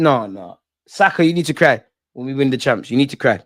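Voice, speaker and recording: Excitable young man, dry sound. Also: medium pitch, moderate pace, dry recording. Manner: excitable, slangy, shouts out viewers. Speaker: fan channel host. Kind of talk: live watch-along reaction.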